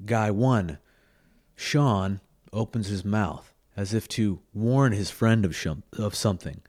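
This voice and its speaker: A man reading a graphic novel aloud, narrating in a measured, dramatic way with small slips. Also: fairly low pitch, a little mellow, no echo, clean studio sound. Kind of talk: storybook reading.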